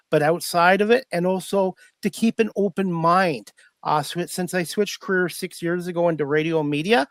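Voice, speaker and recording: A man's voice: on the high side, no echo. Earnest, hesitant podcast host man. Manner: earnest, hesitant, many fillers and repeated words. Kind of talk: casual interview hosting.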